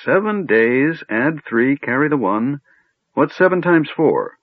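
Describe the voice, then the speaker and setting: A man's voice: a little high, big pitch swings, slow, no echo, highs cut off, pitched above the performer's own voice, heavily acted. A man voicing a doddering, absent-minded old male wizard who mutters and rambles. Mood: fussy, rambling.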